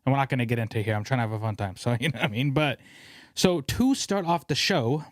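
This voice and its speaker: A young man hosting a casual podcast, ranting in an animated way and swearing freely. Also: mid-range voice, fast talker, dry recording, studio quality. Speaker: podcast host.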